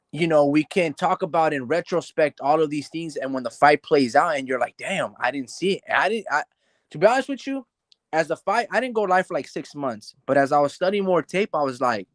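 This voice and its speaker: A man talking casually about a boxing match as a podcast host, animated and loose, filling his talk with "like" and "bro" and acting out the fighters' thoughts. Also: a little high, fairly quick, no room sound. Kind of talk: casual boxing analysis chat.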